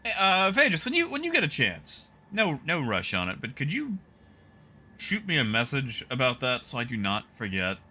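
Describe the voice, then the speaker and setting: Lively, bright-voiced male game streamer. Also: medium pitch, normal speed, slight background noise. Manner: chatty, talks to viewers by name while playing. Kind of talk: casual live-stream chat.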